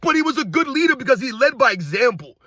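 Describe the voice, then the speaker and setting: A man hosting a sports commentary show, ranting in a heated, repetitive way and firing off exasperated rhetorical questions in a husky voice. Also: extremely high pitch, very animated, fast, sharp tone, no echo.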